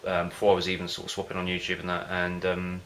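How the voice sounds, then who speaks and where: Deep, monotone and a bit bright, this man's voice moves fast as he vlogs about home brewing with slight background noise. His casual chat to camera rambles, often hesitating and losing the thread.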